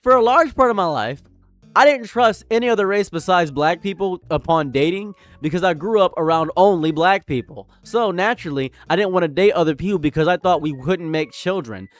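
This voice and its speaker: A man's voice: high-pitched, expressive, a little fast, dry recording, faint music behind. A man with an American accent and a slight foreign tang, doing casual commentary and repeating his points with emphasis. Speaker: commentary YouTuber.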